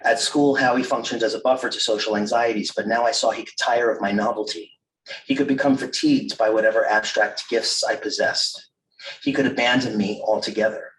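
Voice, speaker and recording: A man reading his own memoir aloud at a live literary event, measured and wry, with self-amused asides. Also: fairly low pitch, steady tone, fairly bright tone, a little hiss or hum. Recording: roomy, distant mic at a live reading.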